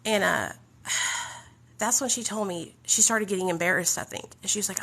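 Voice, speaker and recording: A woman's voice: medium pitch, a little fast. A woman with a Southern US accent telling a candid, profane story about her recovery. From Southern United States. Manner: blunt, profane, animated.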